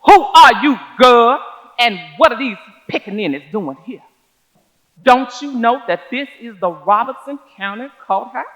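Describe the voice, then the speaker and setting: An actress voicing a hostile white man who speaks in a harsh, loud, threatening way. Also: high voice, very animated, unhurried, in a large hall, heavily acted. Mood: menacing.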